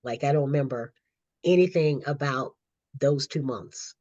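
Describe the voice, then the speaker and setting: A woman's voice: a bass voice, measured pace, mellow, no room sound. A middle-aged woman, a guest author and counselor, telling her own story animatedly in a podcast interview and laughing often. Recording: slightly dull lo-fi audio.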